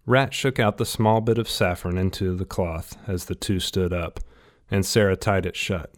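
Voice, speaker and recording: A man reading a novel aloud in steady, scripted audiobook narration. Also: deep voice, moderate pace.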